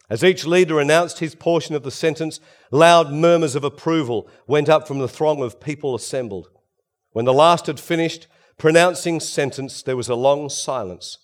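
A man preaching a sermon, swinging between loud emphasis and hushed, quiet passages. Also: a little high, normal speed.

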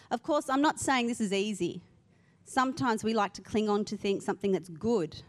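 A middle-aged woman pastor, preaching a sermon in a conversational way and leading the audience in simple actions. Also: mid-range voice.

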